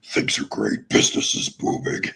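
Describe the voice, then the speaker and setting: A man putting on the harsh, rasping, shouted voice of a scheming male cartoon supervillain. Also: normal speed, a little hiss or hum, lightly acted, low-quality recording. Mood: gloating. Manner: loud, menacing growl.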